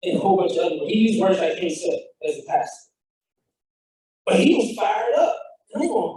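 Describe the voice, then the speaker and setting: A man's voice: sits high, big pitch swings, moderate pace, pauses often, mellow, far from the mic, a little hiss or hum. A man giving a fired-up motivational talk as a founder, telling a story with quoted dialogue. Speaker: founder and speaker. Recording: echoey hall, speaker off-mic.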